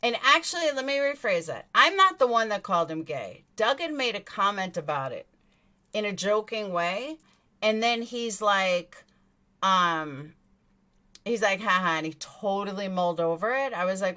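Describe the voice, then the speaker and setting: A woman's voice: medium pitch, lively intonation, normal speed, pushed and bright. A woman with a New York accent hosting a true crime livestream, reading chat aloud and answering in a blunt, indignant way, swearing freely. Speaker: true crime commentary host.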